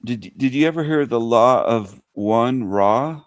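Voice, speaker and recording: A man's voice: mid-range voice, unhurried, smooth, no room sound. A man hosting a casual chat show, asking blunt, provocative questions. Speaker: podcast host.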